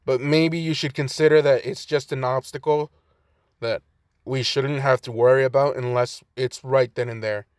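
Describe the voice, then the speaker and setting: A man's voice: medium pitch, steady tone, moderate pace, smooth, no echo, studio quality. A young man in his twenties casually rambling through a fan story retelling, profane and loose, full of fillers, at home by a cracked window.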